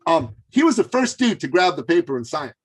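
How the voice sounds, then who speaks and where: Animated man telling a story, many fillers. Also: fairly high pitch, quick pace, slightly rough. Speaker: interview guest. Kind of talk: casual storytelling in an interview.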